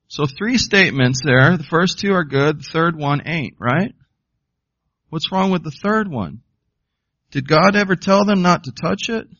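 A man's voice: on the high side, animated, measured pace, a bit bright, no room sound. Emphatic male pastor, dull lo-fi sound. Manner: emphatic, quizzes the congregation with questions. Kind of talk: sermon.

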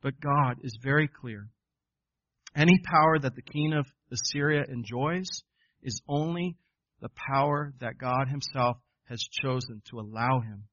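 A man delivers a sermon, moving between reading scripture with building emphasis and explaining it plainly to his congregation. His voice sits at a middle pitch and comes through a dry, close recording with a dull, muffled tone. He talks earnestly, stumbling over repeated words when he gets going. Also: measured pace, a bit bright, no echo. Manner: earnest, addresses listeners as folks and guys. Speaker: preacher.

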